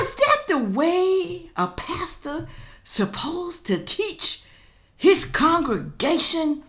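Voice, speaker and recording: Lively blunt older woman vlogger. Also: high voice. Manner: blunt, chatty, addresses viewers as y'all. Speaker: reaction vlogger. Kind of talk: casual commentary to viewers.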